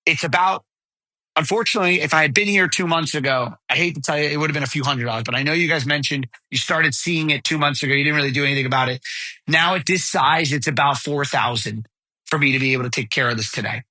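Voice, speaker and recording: A man hosting a podcast, giving direct, energetic sales coaching and acting out customer conversations while walking outdoors. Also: on the high side, fast, no echo, rough recording. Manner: role-plays sales dialogue, energetic and direct. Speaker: podcast host. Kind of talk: solo sales coaching talk.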